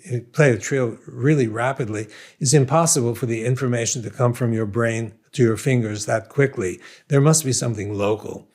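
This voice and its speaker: An older man with a Brooklyn accent speaks at a middle pitch as an interview guest. He talks through his ideas thoughtfully, with restarts and a self-deprecating touch. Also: a little mellow. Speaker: scientist guest. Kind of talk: conversational interview.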